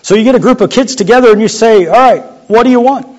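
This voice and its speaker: A young adult man preaching a sermon as a youth pastor, in a conversational, joking way that sometimes drops to a quiet voice. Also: extremely high pitch, fast talker. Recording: muffled lo-fi sound.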